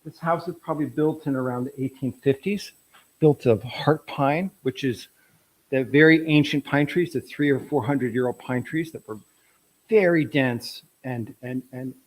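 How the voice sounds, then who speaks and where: A man's voice: mid-range voice, poor audio. A middle-aged man presenting his photographs at an artist talk, telling anecdotes in a rambling way with frequent restarts.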